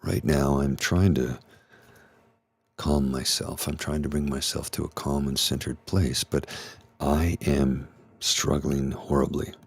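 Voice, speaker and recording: A middle-aged man talking candidly and haltingly through an anxiety attack, his voice trembling as he restarts his sentences. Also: very deep voice, flat delivery, slightly rough, dry recording. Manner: halting, restarts, anxious and shaky. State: anxious, trembling voice. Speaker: ASMR channel host. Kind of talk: candid personal talk.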